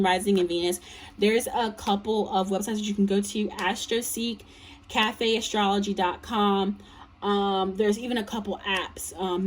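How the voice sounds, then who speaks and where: A woman's voice: medium pitch, recorded from a distance, slight background noise. A tired woman giving a casual tarot reading, blunt and profane, rambling with lots of fillers. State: tired, yawning. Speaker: tarot reader.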